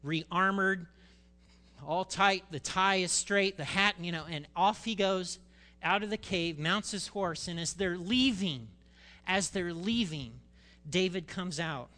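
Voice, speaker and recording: A male pastor preaching a sermon, reading scripture and retelling it with animated, dramatic emphasis. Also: sits high, takes it slowly, big-room sound.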